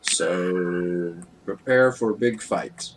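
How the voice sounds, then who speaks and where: A man's voice: sits low, drawn-out words, background noise, voice pushed down, heavily acted. A man voicing a brutish male warrior who talks in blunt broken grammar over an online voice call. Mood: urgent. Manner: broken simple grammar, loud and commanding.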